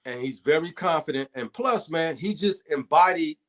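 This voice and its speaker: A man's voice: a little high, animated, normal speed, a bit bright. A man on a movie review panel explaining his points thoughtfully and acting out brief quotes. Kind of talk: casual chat.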